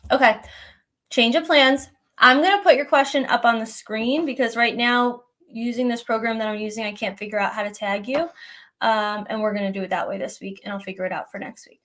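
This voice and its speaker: A young adult woman hosting a live question-and-answer stream, giving advice in a conversational, gently reassuring way and often checking in with "right?". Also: medium pitch, steady tone, a little fast. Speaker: host answering viewer questions.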